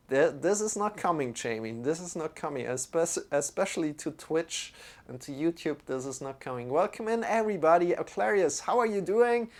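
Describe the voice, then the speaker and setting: A man teaching a live-streamed yoga class. He greets viewers by name and answers their chat comments in an unhurried way. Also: a little high. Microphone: streaming microphone.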